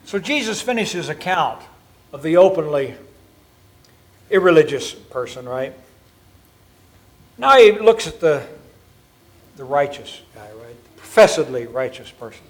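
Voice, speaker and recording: High-voiced emphatic male preacher. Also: big pitch swings, a little slow, long pauses. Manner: emphatic, checks in with listeners. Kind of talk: sermon.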